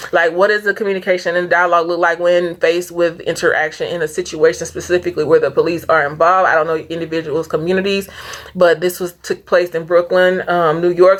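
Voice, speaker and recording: A woman vlogging a casual movie review, earnest and rambling, fighting back tears as she talks. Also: fairly low pitch. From Saint Louis area. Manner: earnest, rambling, stops and restarts often. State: tearful, fighting back crying.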